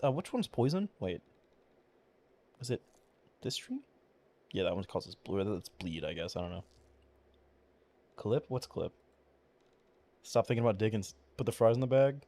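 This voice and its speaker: His voice is on the low side and warm as he gives casual commentary on a video game he's streaming. The man rambles and mumbles, with lots of swearing and filler words, and his voice cracks now and then.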